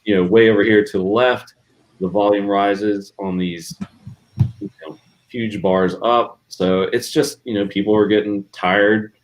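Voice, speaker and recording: A man co-hosting a casual livestream, talking in a relaxed way as he walks through a chart. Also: fairly low pitch, unhurried, rough recording. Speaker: crypto livestream co-host.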